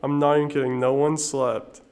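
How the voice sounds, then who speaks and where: A man's voice: medium pitch, little pitch movement, moderate pace, darkish tone. A man in his twenties, a podcast guest who talks eagerly about old memories and giggles often. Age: 20s. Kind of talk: casual chat.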